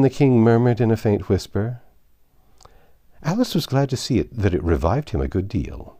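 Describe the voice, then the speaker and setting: Expressive man with a low, dark voice. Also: normal speed, slightly rough. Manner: lively, expressive storytelling. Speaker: narrator. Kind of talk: audiobook reading.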